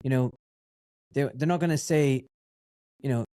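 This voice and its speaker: A man hosting a podcast interview, summarizing his guest and telling stories in a lively, chatty way. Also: mid-range voice, normal speed, no room sound, clean studio sound. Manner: summarizes and tells stories, animated. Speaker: podcast host. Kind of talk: casual interview chat.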